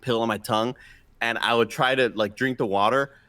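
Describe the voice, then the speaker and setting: A man's voice: medium pitch, steady tone, a little fast, a bit bright, smooth, no room sound. A man co-hosting a casual chat, telling stories animatedly and swearing freely. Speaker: co-host.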